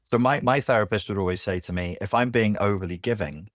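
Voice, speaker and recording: A man speaking as a podcast guest in a candid conversation, blunt and animated, who swears freely. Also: on the low side, quick pace, no room sound, studio quality. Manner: blunt and animated, swears, acts out quoted voices.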